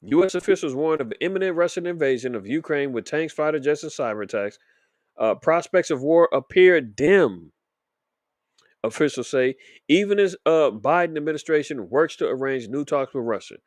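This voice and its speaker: A man's voice: on the high side, animated, normal speed, no echo, clean studio sound. A man hosting a commentary show, reading news headlines aloud and adding informal, emphatic opinion for his viewers.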